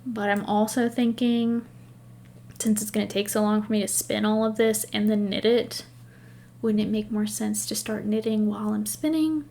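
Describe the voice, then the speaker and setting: A woman's voice: mid-range voice, fairly even intonation, normal speed, gravelly, dark tone. A woman hosting a knitting podcast, chatting casually and rambling through stories while laughing at herself. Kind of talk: casual chat.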